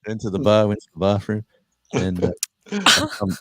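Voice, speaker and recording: An older man spins a rambling tale in a very low, deep voice. The sound is dry and close, with no room around it. He talks casually, breaking off and restarting as he goes. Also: very animated, moderate pace, sharp tone, dry recording. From Australia. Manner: rambling anecdotes with restarts and laughter. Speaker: live chat host. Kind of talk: casual storytelling chat.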